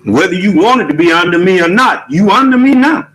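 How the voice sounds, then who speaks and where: A man's voice: high voice, expressive, a little fast, a bit bright, rough recording. A man preaching a sermon with emphatic rhetorical questions and casual vernacular speech. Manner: emphatic, rhetorical questions, Southern US Black English.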